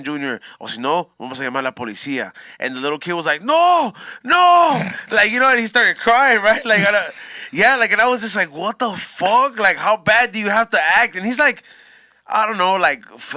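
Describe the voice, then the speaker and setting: A man's voice: medium pitch, bright, forceful tone, dry recording. A man, casually telling a story on a podcast, slangy and full of profanity. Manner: laid-back slangy storytelling with profanity, laughs often. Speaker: podcast host.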